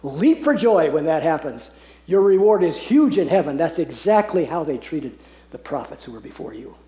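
A man teaching a Bible passage to a group, earnest and often laughing, slowing down to read verses aloud. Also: on the high side, sing-song, dark tone. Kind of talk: teaching talk on scripture. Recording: echoey room.

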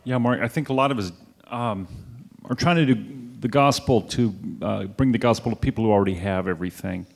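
Hesitant man with a gravelly voice. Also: medium pitch, brisk. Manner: hesitant, many fillers. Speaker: audience member asking a question.

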